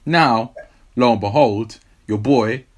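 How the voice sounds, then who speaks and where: A man with a South London accent co-hosting a casual sports podcast, chatty and quick to laugh, full of "you know what I mean". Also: mid-range voice. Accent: South London English. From England. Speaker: podcast co-host.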